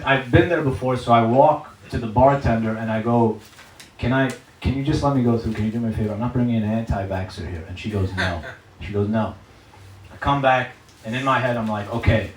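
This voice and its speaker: A man's voice: mid-range voice, brisk, slight background noise. A man performing a stand-up comedy set, telling stories with lots of swearing and acting out the people in them. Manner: profane storytelling, acts out characters' voices. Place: comedy stage before a live audience. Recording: roomy stage sound, distant mic. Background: audience laughter and claps.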